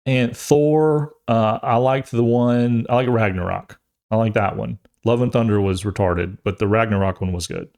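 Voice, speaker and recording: A young man chats casually on his podcast, rambling from one thought to the next. His voice sits a little low, and he turns animated and jokey as he goes. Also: normal speed, gravelly. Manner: rambling, jokey, trails off and restarts; animated, acts out quotes in funny voices. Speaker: podcast host. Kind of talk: casual chat.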